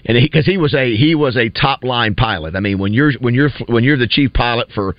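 A man's voice: medium pitch, a little fast, dry recording. A man hosting a morning radio show in casual, rambling chat, often restarting his sentences. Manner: rambling, restarts, lists names with rising emphasis. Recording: dull dry radio studio sound.

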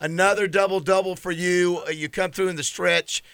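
A man's voice: high voice, steady tone, moderate pace, vocal fry, a bit bright, clean tone, no echo. A man hosting morning sports radio, chatty and rambling with many fillers as he asks his questions. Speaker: radio talk show host.

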